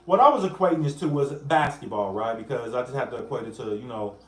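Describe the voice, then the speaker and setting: A man hosting a casual livestream. He talks in an animated way and breaks off to greet viewers by name. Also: medium pitch, fast, roomy sound. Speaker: livestream host.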